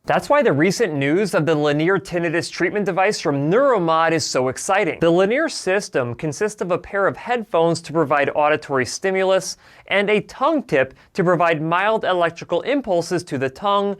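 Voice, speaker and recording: A man hosting an explainer video as an audiologist, speaking clearly and earnestly. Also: high-pitched, expressive, moderate pace. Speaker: audiologist host. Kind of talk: scripted explainer talk.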